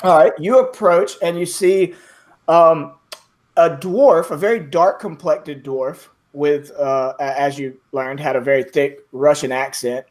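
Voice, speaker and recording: A man's voice: a little high, measured pace, darkish tone. A man narrating as game master of a tabletop game, rambling with many fillers.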